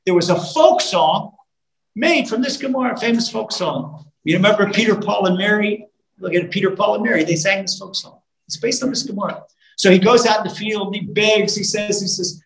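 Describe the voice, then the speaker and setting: A male rabbi delivers a live sermon to an audience, retelling stories with lively, animated fervor. His voice carries through a roomy, echoing hall. He breaks into snatches of song and builds his points to impassioned emphasis. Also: high voice, moderate pace. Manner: animated storytelling with sung lines and rising fervor. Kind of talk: storytelling sermon. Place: live talk in a room.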